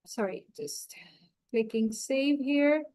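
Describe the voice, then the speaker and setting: A woman walking viewers through a software setup on a screen-share tutorial, talking through each click as she goes. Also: sits high, rough recording. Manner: slow, explanatory, talks through each click. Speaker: software trainer.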